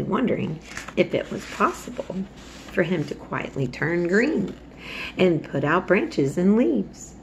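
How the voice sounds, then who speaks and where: Creaky-voiced woman reading a storybook. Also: medium pitch, slight background noise. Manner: unhurried, steady storytelling with small slips. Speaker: storybook reader. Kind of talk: reading a children's novel aloud.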